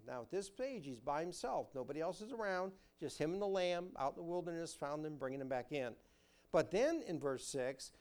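A male pastor delivers a sermon in a slightly high voice. He talks with lively, animated emphasis, rising for key words and dropping low, and poses questions to his listeners before answering them. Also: moderate pace. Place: church sanctuary.

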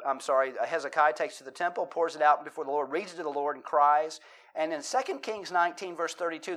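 A man's voice: a little high, quick pace, a bit bright. A middle-aged man preaching a sermon, telling self-deprecating stories and reading scripture and poetry with dramatic emphasis. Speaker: pastor.

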